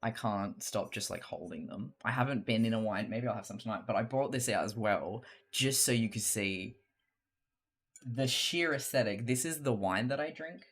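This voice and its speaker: A live streamer chatting casually to viewers while crafting, excitable, swearing freely and laughing often, sometimes trailing off into quiet mutters. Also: mid-range voice, normal speed, breathy edge.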